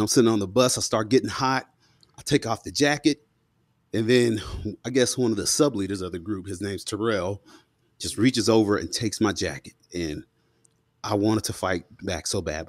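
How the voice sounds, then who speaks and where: A podcast guest in his thirties tells stories in an animated, slangy style, acting out the quotes during a casual interview in a studio. His voice sits on the low side and moves a little fast, with clean studio quality and no room sound.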